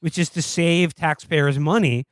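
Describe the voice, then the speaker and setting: A man's voice: on the high side, steady tone, unhurried, dry recording. A man co-hosting a podcast, rambling and sardonic as he reviews a film in casual, profane chat. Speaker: podcast co-host.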